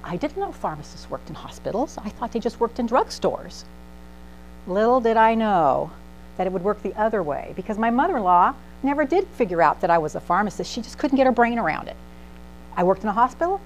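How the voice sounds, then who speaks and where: A woman's voice: mid-range voice, moderate pace, low-quality recording. A middle-aged woman pharmacist giving a humorous talk, acting out voices in her stories. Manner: animated, acts out voices in anecdotes. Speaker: pharmacist speaker. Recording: faint mains hum.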